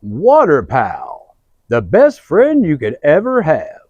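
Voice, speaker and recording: A man putting on an over-the-top commercial announcer voice, loud and hyped like a pitchman. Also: huge pitch swings, slow, no room sound, dull audio, exaggerated voice.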